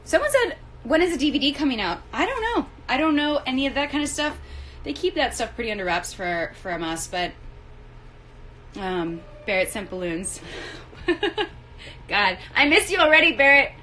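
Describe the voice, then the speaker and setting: A woman's voice: sits high, very animated, moderate pace, pushed and bright, slight background noise, low-quality recording. A woman hosting a casual livestream outdoors by the trailers on a film set, out of breath, bubbly and rambling, talking into a phone held at arm's length. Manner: bubbly, rambling, laughs often.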